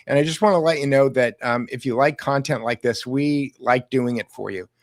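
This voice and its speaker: A man's voice: medium pitch, normal speed, no room sound. A man hosting a podcast in a casual conversational style, often repeating words as he starts a thought. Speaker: podcast host.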